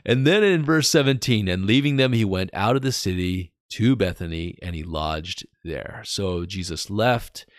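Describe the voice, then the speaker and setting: A man giving informal Bible teaching on his podcast, chatting casually and slowing down to read scripture with emphasis. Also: deep voice, lively intonation, no room sound, clean studio sound. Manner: conversational, reads scripture slowly with emphasis.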